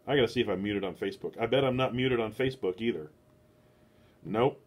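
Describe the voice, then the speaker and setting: A man's voice: medium pitch, lively intonation, fairly quick, husky. Rambling man hosting a book club. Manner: meandering, self-deprecating asides. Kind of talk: rambling casual livestream talk. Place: home, talking to a phone camera. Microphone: phone.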